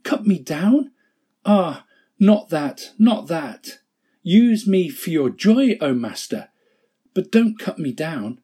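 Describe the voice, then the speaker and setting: A man voicing a gentle, devoted male bamboo plant that begs its master in distress. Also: sing-song, takes it slowly, breathy edge, exaggerated voice. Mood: horrified pleading. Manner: pleading, rising high in distress.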